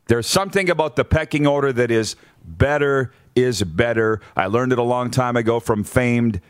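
A man's voice: mid-range voice, moderate pace, smooth, dry recording. Male sports talk host, opinionated, works through his points bluntly; dry booth sound. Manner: blunt, numbered-point rundown with frequent restarts.

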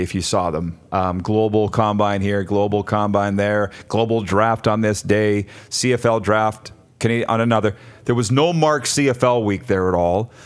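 A man hosting a sports radio talk show, reading listener comments and chatting with co-hosts. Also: fairly low pitch. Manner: chatty, rhetorical, animated. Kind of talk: casual sports radio chat.

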